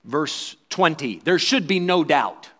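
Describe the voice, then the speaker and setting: Guy preaching a sermon, kinda high voice, gets loud then drops real quiet, does little voices for people he quotes. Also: lively intonation, takes it slowly. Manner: dramatic preaching that swings between loud and quiet; acts out quoted voices and crowd replies.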